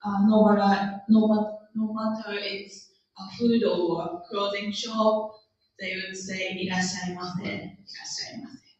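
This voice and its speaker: A woman with a Japanese accent teaching a classroom language lesson, repeating words slowly and laughing often. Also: medium pitch, level tone, darkish tone. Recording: echoey room, distant lo-fi mic.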